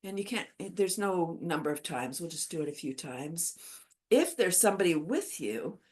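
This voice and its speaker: A woman's voice: on the low side, animated, normal speed, a little mellow. Upbeat woman leading laughter yoga. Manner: upbeat, chatty, laughs often while explaining. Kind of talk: guided exercise class.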